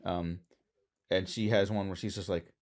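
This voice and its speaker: A man co-hosting a relaxed film podcast, chiming in with brief asides and agreement. His voice sits somewhat low. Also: normal speed. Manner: short agreeing interjections and asides. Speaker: podcast co-host. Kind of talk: casual film podcast chat.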